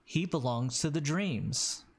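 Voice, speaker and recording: A man voicing an eerie chorus of spectral beings who speak slowly and ominously. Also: fairly high pitch, lively intonation, slightly rough, full character voice.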